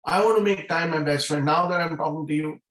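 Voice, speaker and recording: A man's voice: on the high side, quick pace, a bit bright, roomy sound, poor audio. Earnest man giving a motivational talk. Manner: earnest, repeats key phrases for emphasis. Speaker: guest speaker at a business meeting. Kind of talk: motivational talk on a video call. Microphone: video call.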